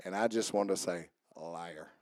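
A man's voice: medium pitch, moderate pace, dry recording. Preacher man, dry close sound. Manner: preaching with swings from soft asides to raised calls; joking with the congregation. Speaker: pastor. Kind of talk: sermon. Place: church service with instrument behind.

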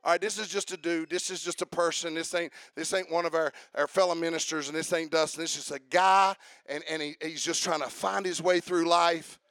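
Male pastor, high voice, emphatic and repetitive, shouts his points, dry close sound. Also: fairly even intonation, a little fast, hardly any pauses, no room sound. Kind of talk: sermon. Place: church.

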